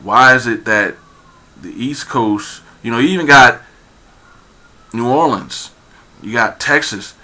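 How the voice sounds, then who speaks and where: A man's voice: medium pitch, takes it slowly, long pauses, pushed and bright. A man giving a rambling casual commentary, full of fillers and repeated phrases, turning emphatic as he goes. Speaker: vlogger.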